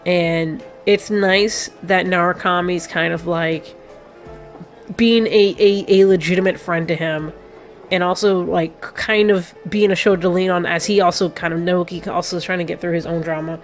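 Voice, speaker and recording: A woman's voice: fairly low pitch, fairly even intonation, moderate pace, soft background music. Rambling sentimental woman commenting on a game. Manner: rambling and sentimental, many fillers. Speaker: let's play host. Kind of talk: casual gameplay commentary.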